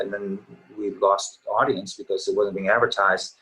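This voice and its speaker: A middle-aged man with a fairly low voice talks as a guest in a relaxed interview. He rambles in an easygoing, reminiscing way, and his voice sounds a little tired. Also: normal speed, hardly any pauses, rough recording. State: slightly tired voice. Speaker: actor guest. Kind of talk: casual interview chat.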